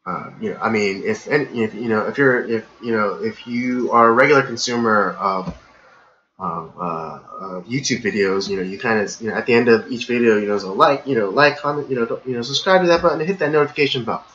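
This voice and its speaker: Male podcast host, rambling filler-heavy rant, bright forceful voice, slightly dull lo-fi audio. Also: on the low side, a little fast, slight background noise. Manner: gets worked up and ranting. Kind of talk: casual live-stream monologue.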